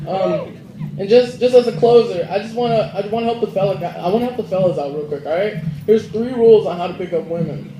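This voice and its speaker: A man's voice: sits high, fast talker. A young man performing a stand-up comedy set, telling stories and acting out the characters' lines. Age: young adult. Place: school auditorium stage. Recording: echoey hall with audience noise. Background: audience laughter and murmur.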